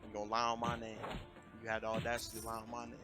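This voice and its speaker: A man telling a story in a casual, animated rant on a live stream, often jumping into raised voices to quote people. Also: on the low side, racing. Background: music.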